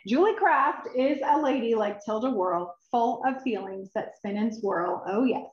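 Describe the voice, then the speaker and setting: A woman reading her own children's book aloud, expressive and emotional, with sighs and drawn-out words. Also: fairly high pitch. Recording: roomy, dull recording.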